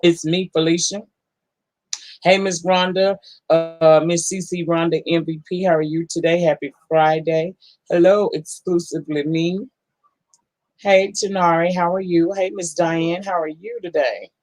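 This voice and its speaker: A woman's voice: fairly low pitch, steady tone, normal speed, a little mellow, no echo, poor audio. Woman, live-stream host, casual, folksy, affectionate, dry close sound. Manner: folksy, affectionate, calls people honey and baby. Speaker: livestream host. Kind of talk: casual live-stream chat greeting viewers.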